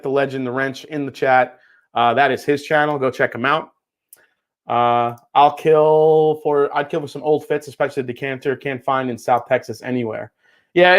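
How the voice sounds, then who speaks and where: A man hosting a casual livestream in a relaxed, chatty way, answering viewers' comments with plenty of fillers and easy laughs. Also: a little high. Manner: many fillers, laughs easily. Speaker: livestream host.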